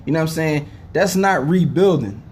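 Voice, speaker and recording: A man's voice: a little high, animated, moderate pace, a little mellow, a little hiss or hum. A young man, ranting to camera as a sports fan, profane and heated, with a headache, often saying "know what I'm saying". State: has a headache. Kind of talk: casual rant to camera.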